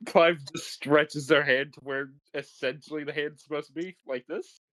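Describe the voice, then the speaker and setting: A man taking part in a tabletop game, talking in a loose, halting way about what his character does. His voice sits a bit high. The sound is close and dry. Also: fairly even intonation, fairly bright tone, no echo, rough recording. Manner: casual, hesitant. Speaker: player.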